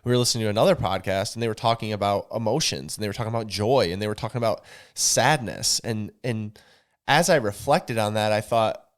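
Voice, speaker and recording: A man's voice: on the low side, brisk. A man co-hosting a podcast, talking earnestly and preaching a little to his listeners, whom he calls y'all. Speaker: podcast co-host. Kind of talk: candid podcast conversation.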